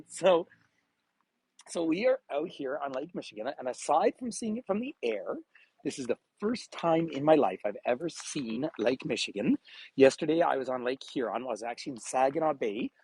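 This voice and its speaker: A medium-pitched, darkish voice with a breathy edge and big pitch swings belongs to a travel guide speaking at a moderate pace. His live walking tour by a frozen bay is shot on a phone on a gimbal, echo-free but low in quality, and he's chatty, laughs a lot and greets viewers by name.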